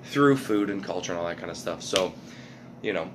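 Male comedian guest, low register, loose filler-heavy delivery with swearing. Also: lively intonation, fairly quick, slight background noise. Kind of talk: casual podcast chat.

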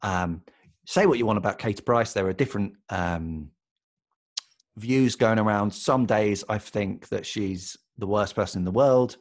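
A British man co-hosting a podcast, chatting casually and telling an animated story with frequent laughter. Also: fairly low pitch, a little slow. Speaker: podcast co-host. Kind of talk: casual chat.

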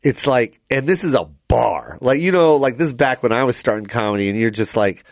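A man co-hosting a podcast, telling stories in a loose, animated way with lots of fillers and acted-out voices. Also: mid-range voice, brisk, creaky, no echo, clean studio sound. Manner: animated storyteller, many fillers, acts out voices. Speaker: comedian and podcast co-host. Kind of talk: casual storytelling chat.

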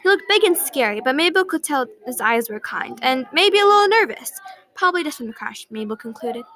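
A woman's voice: sits high, sing-song, brisk, a bit bright, rough recording. A woman narrating a story aloud in an earnest way, with small slips and restarts. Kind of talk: storybook reading.

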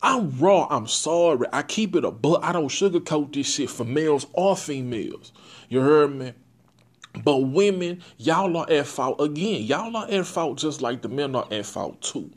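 A man's voice: a little high, moderate pace. Blunt, profane young man hosting a podcast. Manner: blunt, profane, animated with catchphrases. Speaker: podcast host. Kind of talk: casual monologue to listeners.

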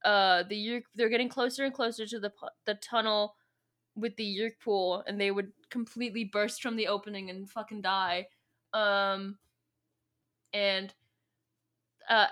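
A woman's voice: medium pitch, pushed and bright. A woman co-hosting a podcast, retelling a book plot in casual, chatty talk full of fillers. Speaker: podcast co-host. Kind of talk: casual book recap chat.

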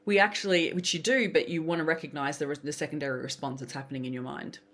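Podcast guest: woman, lowish voice, animated storyteller. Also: quick pace. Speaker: podcast guest, business coach. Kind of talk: casual interview chat.

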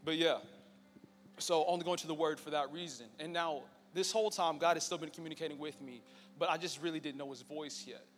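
A man's voice: fairly high pitch, fairly even intonation, brisk. A young man giving a casual, joking personal testimony to a live church audience. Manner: casual, storytelling, joking with the crowd. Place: church hall. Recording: long reverb in a church hall with faint music.

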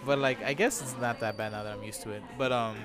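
A man's voice: mid-range voice, steady tone, quick pace, music in the background. A man talking as a podcast guest in casual chat, laid-back, swearing a lot and laughing at himself.

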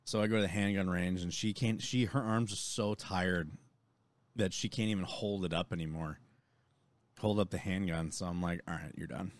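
A young man on a podcast, telling an animated story and quoting people as he goes. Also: low voice, normal speed, no echo. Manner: animated storytelling, lots of swearing and quoting others. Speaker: podcast co-host. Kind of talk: casual chat.

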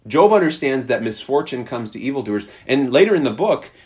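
Male pastor, mid pitch, very expressive delivery, casual preaching style. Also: brisk. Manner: animated, conversational preaching with voiced quotes. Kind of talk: sermon.

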